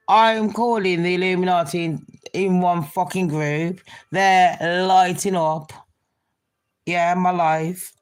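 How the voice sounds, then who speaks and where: Slow, sweary woman ranting. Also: fairly low pitch. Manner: sweary, mocking, laughing at her own jokes. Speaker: commentary vlogger. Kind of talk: ranting commentary vlog.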